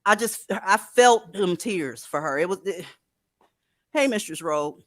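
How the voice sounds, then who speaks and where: A middle-aged woman hosting a heated commentary, emphatic and profane, swinging between loud and soft. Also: mid-range voice, animated, measured pace. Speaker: host. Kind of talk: heated commentary on a news clip.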